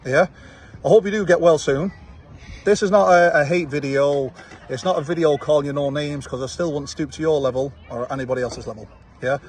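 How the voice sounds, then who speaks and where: A man's voice: on the high side, steady tone, a little fast, darkish tone. A man from Manchester with a Manchester accent, a fight promoter recording a confrontational reply video outdoors and taunting with repeated "yeah?". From Manchester, England. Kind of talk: direct-to-camera reply video. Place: outdoors, watching football.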